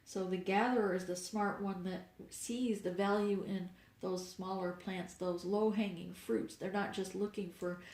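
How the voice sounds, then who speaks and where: A woman with a middle-pitched voice reads tarot in a loose, wandering way, stopping for fillers and small laughs. She sounds a little stuffed up. The room around her echoes. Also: steady tone, measured pace, hardly any pauses. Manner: meandering, with fillers and soft laughs. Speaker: spiritual reader. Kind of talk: casual tarot reading monologue.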